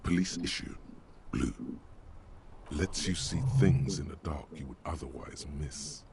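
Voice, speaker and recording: An omniscient, wry inner voice narrating a detective game. The voice sits extremely low and crackles with gravel. Steady noise hums behind it. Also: male voice, unhurried, heavily acted. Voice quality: deep and gravelly. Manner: grandiose, wry second-person narration. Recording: game audio with noticeable background noise.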